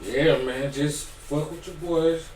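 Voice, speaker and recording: A man who is a guest on a casual podcast, talking in a relaxed, street-slangy way. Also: fairly high pitch, takes it slowly, recorded from a distance, slight background noise. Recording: echoey, away from the mic.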